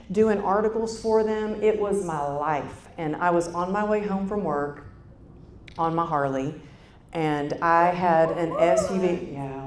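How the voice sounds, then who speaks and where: Woman in her fifties, slightly low voice, motivational keynote speaker, chatty and direct with the crowd, roomy hall with faint rumble. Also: a little mellow. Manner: conversational, addresses the audience directly. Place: conference hall stage.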